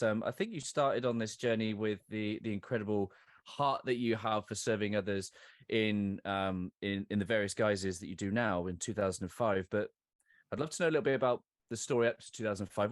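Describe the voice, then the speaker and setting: A man hosting a podcast interview, chatty and quick to laugh. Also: lowish voice, no room sound, clean studio sound. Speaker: podcast host.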